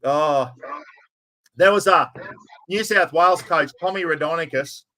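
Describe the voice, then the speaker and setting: A man with an Australian accent hosts a chatty, blokey podcast, addressing everyone as mate. His voice is a little high, bright and forceful, at a measured pace, with a little hiss or hum in the recording.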